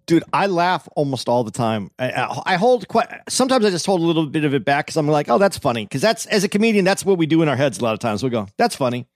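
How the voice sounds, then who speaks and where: A comedian co-hosting a podcast, talking in a slightly high voice that rambles and doubles back on its words. The sound is dry and close, with no room around it. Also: male voice, sing-song, quick pace, few pauses, no room sound. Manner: rambling, repeats words as he goes. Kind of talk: casual chat.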